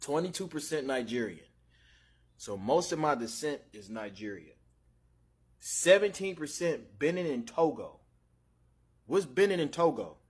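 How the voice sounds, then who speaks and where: Man, high lively pitch, husky voice, loud reaction rant. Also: measured pace, long pauses. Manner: loud, incredulous, joking.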